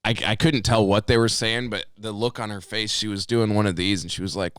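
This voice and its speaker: A young man co-hosting a casual podcast, telling stories in a loose, profane way. His voice sits low and sounds smooth and clear. The recording is dry and close. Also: fairly quick, dry recording. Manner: animated storyteller, swears freely, jumps into high voices quoting people. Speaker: podcast co-host. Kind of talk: casual storytelling chat.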